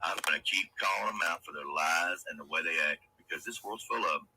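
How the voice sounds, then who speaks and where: A man's voice: sits low, quick pace, pushed and bright, slight background noise, poor audio. A man hosting a livestream, delivering a profane, confrontational rant and taunting his critics. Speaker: livestream host.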